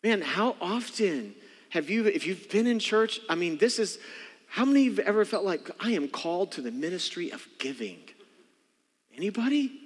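Animated male pastor preaching in a reverberant hall. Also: sits high, moderate pace, slightly rough. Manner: animated, acts out voices, calls for audience response. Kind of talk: sermon. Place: church sanctuary.

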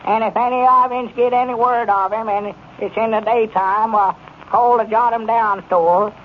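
A man's voice: sits high, steady tone, natural voice. Abner, a man doing a fretful Arkansas storekeeper. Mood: on the phone. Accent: rural Arkansas. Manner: halting, fretful rustic drawl. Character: worried, simple-hearted country storekeeper, male. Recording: muffled 1930s radio broadcast with faint hiss.

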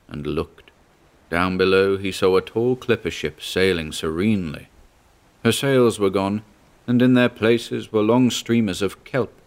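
A man narrating a story in a measured, even reading. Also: lowish voice. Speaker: audiobook narrator. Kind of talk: scripted narration.

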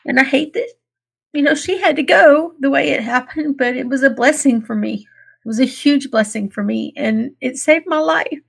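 A woman's voice: high-pitched, vocal fry. A woman, a guest telling her story in an interview, earnest and emotional, laughing through tears.

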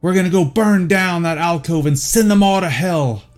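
A man voicing an enraged male militia leader who shouts bitter threats over a radio. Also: medium pitch, animated, slow pace.

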